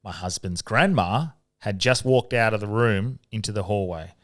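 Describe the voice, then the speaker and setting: A man co-hosting a casual podcast, reading listener stories aloud in an easygoing, sweary way. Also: normal speed. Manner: laid-back, sweary, reads stories in a low even tone. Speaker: podcast co-host.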